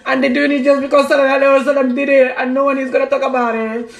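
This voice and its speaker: A woman's voice: high voice, level tone, racing, gravelly. A woman speaking in a fervent, outspoken monologue to her followers, repeating herself in broken English. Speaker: vlogger. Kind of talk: impassioned personal monologue. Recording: echoey room with faint music.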